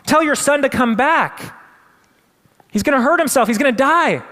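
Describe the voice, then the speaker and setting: High shouting frog crowd, done by a man, strained and loud, long hall echo. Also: lively intonation, normal speed, full character voice. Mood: jeering. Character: crowd of tiny village frogs, loud and insistent.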